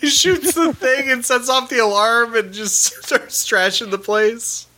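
A man co-hosting a podcast, chatting casually in a wry manner, quick to correct others. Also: extremely high pitch, steady tone, sharp tone, a little hiss or hum. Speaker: podcast co-host. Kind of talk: casual chat.

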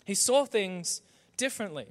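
Man, pastor, sermon, high-pitched, conversational, rhetorical refrains. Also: expressive, normal speed.

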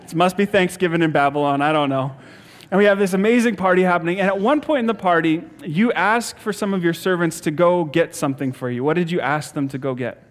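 An upbeat male pastor delivering a relaxed, playful sermon. His voice sits a little high for a man, and he moves easily between teaching and light banter, often breaking into laughter. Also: fairly quick.

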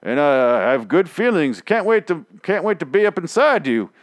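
A man's voice: a little high, big pitch swings, normal speed, no room sound, pitched above the performer's own voice. A man voicing a lovesick Civil War soldier reading his letter home in a mock-sentimental, sing-song manner.

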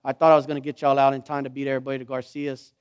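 A middle-aged man, preaching a sermon, telling a story and swinging from hushed to fervent. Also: medium pitch, flat delivery, rapid-fire, clear, resonant tone, highs cut off. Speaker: pastor.

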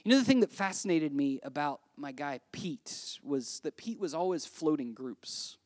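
A pastor preaching a sermon in a chatty, animated way, often checking in with "right?" and swinging between quiet and loud. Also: medium pitch, normal speed. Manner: conversational, with frequent "right?" asides.

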